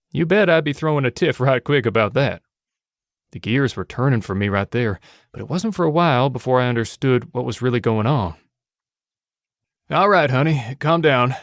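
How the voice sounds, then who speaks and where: A man's voice: mid-range voice, expressive, moderate pace, dry recording. A man narrates an adventure audiobook in a wry, casual first-person way. His mid-range voice sounds dry and close.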